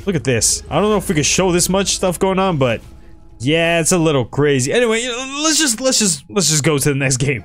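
A man doing excitable, chatty commentary on the games he plays as a gaming YouTuber. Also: a little high. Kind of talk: gameplay commentary.

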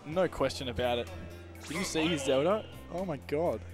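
A man commentating a live esports match, excitable and jokey, laughing often. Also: fairly high pitch, normal speed, music in the background.

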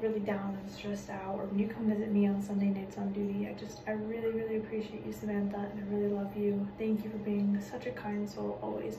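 Late at night, a young adult college student records a quiet, affectionate video tribute in a small bathroom, speaking softly at medium pitch to avoid waking others. The audio is echoey, with a distant mic and a noisy background.

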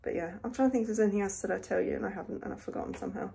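Breathy, chatty young Englishwoman vlogging. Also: medium pitch, expressive, very fast, warm tone. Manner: chatty, rambling, lots of "like". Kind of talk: casual chat to camera. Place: indoors at home, later in a parked car.

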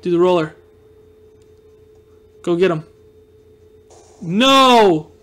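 A young man with a notably high-pitched voice gives casual let's play commentary. He is excitable and self-mocking, yelping and groaning as each shot lands or misses. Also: moderate pace. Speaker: gaming video host.

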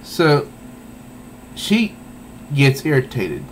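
Male comic reviewer, unhurried and rambling, mid-pitched, with a faint hum of air conditioning behind him. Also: wildly swooping pitch, rough recording. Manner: meandering, thinking aloud. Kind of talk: casual spoken review.

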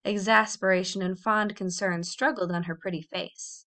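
A woman reading a children's novel aloud in a clear, expressive storytelling voice. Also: mid-range voice, normal speed. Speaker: audiobook reader.

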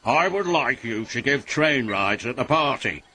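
A man's voice: mid-range voice, expressive, measured pace, bright, forceful tone, slight background noise. A man doing a stern railway boss. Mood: firm. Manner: firm, instructing. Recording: music playing behind.

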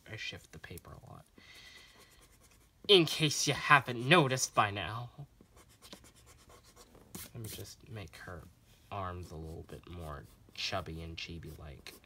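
A man's voice: lowish voice, a little slow, pauses often, sharp tone, slight background noise. A man vlogging as he draws, recorded on a phone, chatting in a rambling, self-deprecating way with a voice that sounds sarcastic. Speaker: artist vlogger drawing on camera. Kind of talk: casual rambling chat while drawing.

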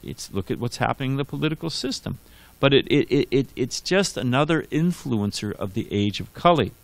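A man's voice: mid-range voice, lively intonation, fairly quick, creaky, dry recording. A man giving a scripture class in a conversational, digressive storytelling manner, full of restarts and asides. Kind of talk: sermon. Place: temple hall.

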